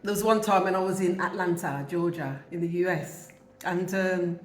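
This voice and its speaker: A woman's voice: on the low side, normal speed, echoey room. A woman in her fifties from England with a Wolverhampton accent, chatting casually to camera while she eats, rambling and often laughing. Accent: Wolverhampton English. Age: 50s. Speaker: vlogger. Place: home in Jamaica.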